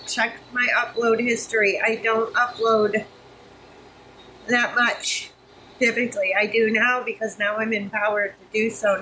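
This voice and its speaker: A woman's voice: fairly high pitch, sharp tone, slight background noise, poor audio. A woman in her fifties, a vlogger, venting frankly to her phone camera while overheated and flustered, swearing freely and sounding exasperated. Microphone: phone camera close up.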